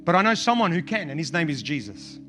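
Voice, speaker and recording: High, bright-voiced preaching pastor. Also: male voice, big pitch swings, quick pace, soft background music. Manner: impassioned preaching with repetition and rising emphasis. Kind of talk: sermon.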